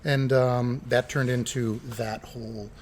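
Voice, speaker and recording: This middle-aged interview guest, once an air traffic controller and pilot, speaks in a mid-range voice at a slightly slow pace. He's still animated, acting out quoted dialogue as he tells casual stories in an old airport terminal close to a runway.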